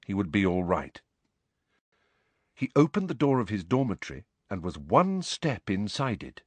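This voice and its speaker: Brief: male audiobook narrator, expressive and measured, low voice, dry close recording. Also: dry recording.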